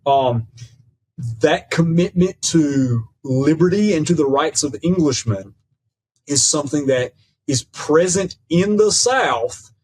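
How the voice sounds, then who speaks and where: A man with a fairly high voice talks in a measured, professorial way, drifting between academic terms and folksy "ain't". He keeps checking in with "right?" as he builds his case. A faint rumble sits under the recording. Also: lively intonation, a little mellow, rough recording. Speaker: podcast guest, professor of Southern studies. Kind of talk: conversational lecture.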